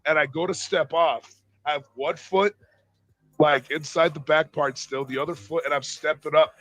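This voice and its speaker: A man's voice: a little high, steady tone, moderate pace, a bit bright, no echo, poor audio. Slangy young man ranting through a story. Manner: profane, heated storytelling; slangy, rambling with many "like"s. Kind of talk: casual anecdote telling.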